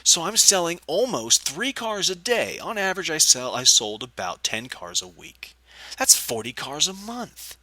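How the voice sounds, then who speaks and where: Bright-voiced man ranting about a job. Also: a little high, unhurried, no echo. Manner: angry, profane, animated retelling. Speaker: vlogger. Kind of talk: casual storytelling rant.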